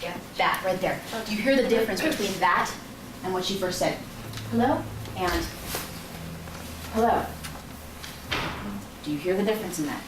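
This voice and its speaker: A woman with a fairly low-pitched voice talks fast amid background noise. As the instructor of an interview-skills workshop, she coaches a class directly and hands-on in a large room, demonstrating poses, and the audio is roomy hall sound captured from far off.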